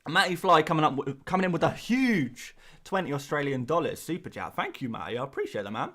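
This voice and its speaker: Bright-voiced livestream host. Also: male voice, on the high side, sing-song, fast talker, hardly any pauses. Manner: jokey, laughs often, reads chat aloud. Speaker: fantasy football livestream host. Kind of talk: casual livestream chat.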